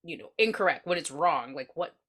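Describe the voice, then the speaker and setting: A woman's voice: sits low, animated, a little fast, fairly bright tone. A woman co-hosting a casual movie-review podcast, talking through plot points bluntly and with exasperation, swearing along the way. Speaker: podcast co-host. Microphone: podcast mic.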